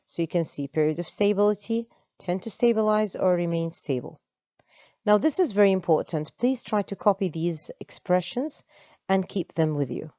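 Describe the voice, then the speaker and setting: A woman's voice: on the low side, lively intonation, normal speed, mellow, dry recording. A woman, an English teacher explaining step by step in an online lesson. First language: Arabic.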